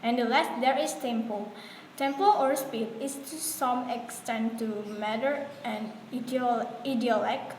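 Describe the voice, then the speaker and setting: A woman whose first language is Indonesian gives a classroom presentation at a measured pace. Her voice sits slightly high, and she reads from notes with fillers and restarts. The room is echoey, with faint noise.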